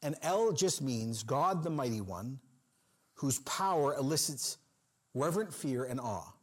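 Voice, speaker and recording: A man preaching a sermon in an expressive style, acting out the people in the story with sudden swings in pitch and loudness. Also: measured pace. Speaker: pastor.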